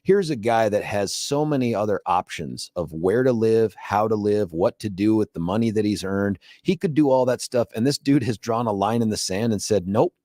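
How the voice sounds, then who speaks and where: A middle-aged man hosting a radio talk show in a studio, bantering casually, joking and laughing often while telling animated stories. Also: on the low side, moderate pace, few pauses, no echo. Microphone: studio microphone.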